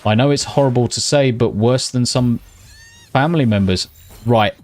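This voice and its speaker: A British man streaming live from home at night, chatting casually with viewers, swearing constantly and talking slightly quietly. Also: medium pitch, moderate pace, faint music behind.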